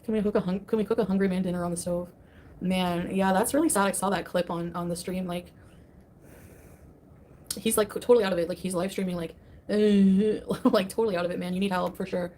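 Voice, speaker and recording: Brief: fast-talking woman streamer, scornful and casual, faint background hiss. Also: lowish voice, fairly even intonation, warm tone. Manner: dismissive, scoffing. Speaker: livestreamer. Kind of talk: casual livestream chat.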